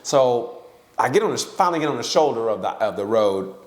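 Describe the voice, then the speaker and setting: A man's voice: mid-range voice, fairly quick. A man co-hosting a podcast, telling stories in a casual chat, swearing often and breaking into laughter. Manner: profane, laughing, animated storyteller. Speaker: podcast co-host. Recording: roomy echo.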